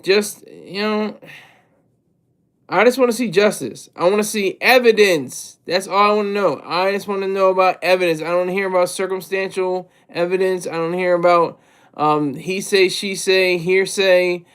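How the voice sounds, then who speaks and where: A man with a notably high voice hosts a loose livestream, talking straight to his chat. He rambles, trips over and repeats his words, and laughs quietly to himself as he goes. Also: fairly even intonation, normal speed, clear, resonant tone. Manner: rambling, self-interrupting, often repeats words; chuckles to himself between thoughts. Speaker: livestream host. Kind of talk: casual livestream commentary, reading chat.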